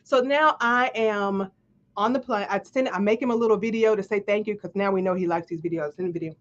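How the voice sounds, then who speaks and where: A woman's voice: mid-range voice, brisk. A woman, a life coach, telling a story to a live audience with much animation, acting out the dialogue and laughing often. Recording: dull lo-fi stream audio.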